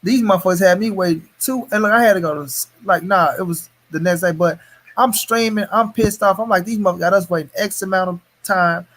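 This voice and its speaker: A man's voice: sits high, fairly quick, a bit bright. A man hosting a casual boxing live stream, ranting heatedly and cursing a lot. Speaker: host of a boxing talk stream.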